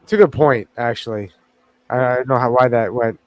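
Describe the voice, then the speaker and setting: A man's voice: mid-range voice, fairly quick, no room sound. A man co-hosting a casual podcast, chatting loosely, swearing casually and restarting his sentences. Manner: rambling, self-correcting, swears casually. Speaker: podcast co-host. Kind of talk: casual chat.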